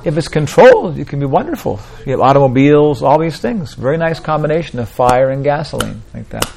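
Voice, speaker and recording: Gravelly man giving a rambling spiritual talk. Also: a little high, animated, a little fast, a little mellow. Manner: rambling, repeats "like that, you know". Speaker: spiritual teacher. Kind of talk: informal spiritual talk to a group.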